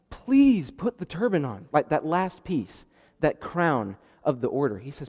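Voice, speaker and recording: Guy preaching in a big echoey hall, acts out the story with lots of energy. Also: unhurried. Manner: animated, acts out the dialogue with rising pitch and volume. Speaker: pastor. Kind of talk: sermon. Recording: long reverb of a hall.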